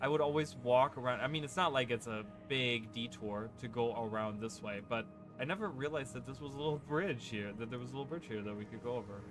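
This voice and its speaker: A man's voice: mid-range voice, fast, few pauses. Rambling gamer guy over game music. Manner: rambling, heavy on fillers like "like" and "right?". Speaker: gaming channel host. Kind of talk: casual let's-play commentary. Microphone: desk microphone. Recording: game music playing under the voice.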